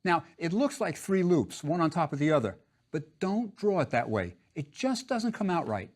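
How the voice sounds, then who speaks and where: A man's voice: fairly high pitch, very animated, moderate pace. A man teaching a drawing lesson, patient and step by step, repeating each instruction.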